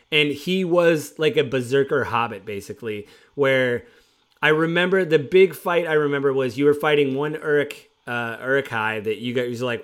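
A man's voice: medium pitch, normal speed, smooth. A man in casual chat, animatedly retelling stories from tabletop games he ran, acting out what players said. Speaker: former game master.

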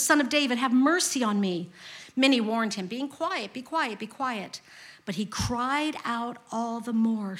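A woman's voice: a little high, a bit bright. A woman in her fifties preaching a sermon to her congregation, with emphatic repetition and direct questions to the listeners. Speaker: pastor.

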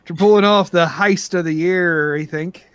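A man's voice: high-pitched, normal speed, smooth, close to an everyday voice. A man voicing a drunk, boastful, rich male gang leader with a tail, in an Irish accent. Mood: gloating. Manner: gloating, laughing between lines.

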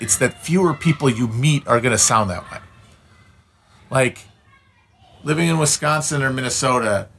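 A Midwestern-accented man rants to his stream audience, blunt, opinionated and full of swearing, often restarting his sentences. His voice sits at a middling pitch for a man. A faint layer of background noise hangs under his talk. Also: fairly bright tone. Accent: Upper Midwestern American. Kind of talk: casual ranting monologue.

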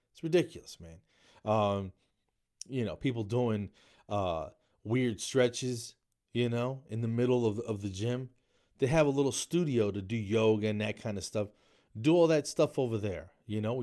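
A man's voice: on the low side, a little mellow. A man around fifty giving a rambling, mocking comedy monologue, tagging lines with "man" and "dude.".

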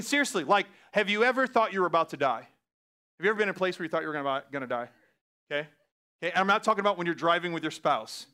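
A man preaching a sermon as pastor, talking in a casual, laughing way and swinging from hushed lines to loud outbursts. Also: fairly high pitch, smooth.

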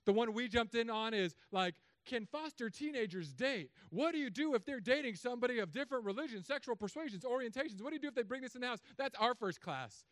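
A man in his thirties preaching a sermon as pastor, telling stories in an animated way with sudden loud, high bursts. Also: fast, hardly any pauses, dry recording, studio quality.

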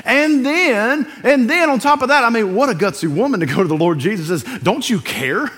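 A man preaching a sermon, animated, acting out scenes and quoting scripture. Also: extremely high pitch, brisk. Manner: animated, acts out scenes and quotes.

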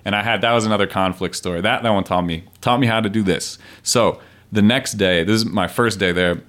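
A man's voice: lowish voice, a little fast, a bit bright. A man, a street poet guest on a podcast, telling stories in loose, profane, rambling casual chat.

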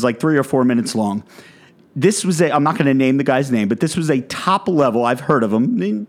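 A man, a fitness content creator, delivering a blunt, profane rant in a vlog monologue. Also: mid-range voice.

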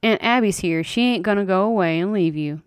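A woman's voice: medium pitch, brisk, clear, resonant tone, no echo, clean studio sound, lightly acted. Woman doing a frail, gasping older woman. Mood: soothing, breathless. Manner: gasping, soothing. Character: frail, worn-out older woman, tender and self-denying. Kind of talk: dramatic reading of a horror story.

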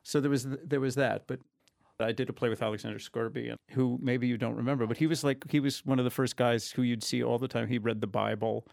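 Gravelly-voiced male audiobook narrator. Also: medium pitch, fairly even intonation, quick pace, darkish tone. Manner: storytelling, wry, self-deprecating. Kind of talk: conversational interview.

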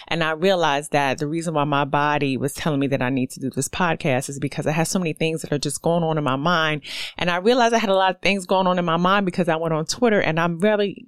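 Woman, solo podcast host, casual and profane, smooth clear voice, dry close sound. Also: deep voice, no room sound. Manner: candid, profane, animated storytelling with many fillers.

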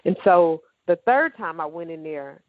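A woman's voice: lowish voice, animated, measured pace, no echo, phone-quality sound. Woman giving an emotional faith testimony. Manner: emotional, emphatic storytelling that acts out dialogue. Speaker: testimony speaker.

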